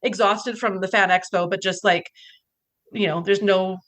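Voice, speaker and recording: A young woman co-hosting a podcast, telling a story in animated casual chat, swearing freely and acting out what others said. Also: mid-range voice, moderate pace. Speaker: podcast co-host.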